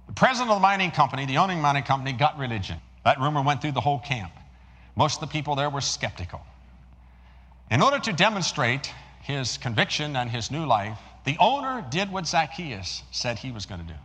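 A man's voice: medium pitch, very animated, brisk. Emphatic male preacher in a reverberant hall. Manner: rises emphatically then drops to hushed storytelling. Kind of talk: sermon with storytelling.

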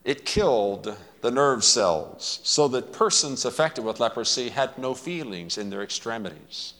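A man's voice: medium pitch, expressive, unhurried, a bit bright. A man preaching a sermon, retelling a story in a dramatic, emphatic way. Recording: long hall reverb.

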